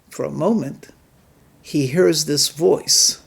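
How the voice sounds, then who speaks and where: A man giving a sermon as a rabbi, telling a story and drawing its lesson in a measured, deliberate way. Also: fairly high pitch, expressive. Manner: measured, deliberate delivery with emphatic pauses.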